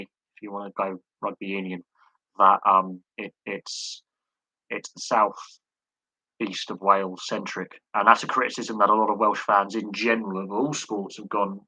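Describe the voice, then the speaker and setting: A man's voice: fairly low pitch, pushed and bright, slightly rough, no echo, poor audio. A man hosting a live sports chat stream, talking in a rambling way with many fillers and repeated words. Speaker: host.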